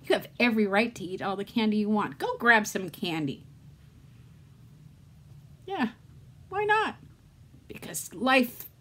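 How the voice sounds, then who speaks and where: A woman's voice: mid-range voice, fairly bright tone. A middle-aged woman speaks candidly to her vlog viewers. Her talk rambles from thought to thought as she coaches herself along. She sounds close to tears. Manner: candid, rambling and self-talking. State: emotional, near tears. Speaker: vlogger.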